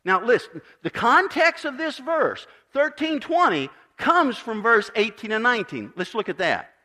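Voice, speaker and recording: A man preaching a sermon as pastor, building to emphatic swells and then dropping to quiet, measured lines. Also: extremely high pitch, sing-song.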